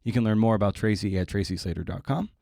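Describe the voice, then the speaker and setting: A low-voiced man hosting a podcast and riffing through the intro with salty, sardonic asides. His voice sits close and dry on the mic, with no room around it. He talks loosely and bluntly. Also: quick pace, vocal fry, warm tone, no room sound. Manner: irreverent and profane, with wry asides. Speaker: podcast host. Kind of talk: casual monologue introducing a guest.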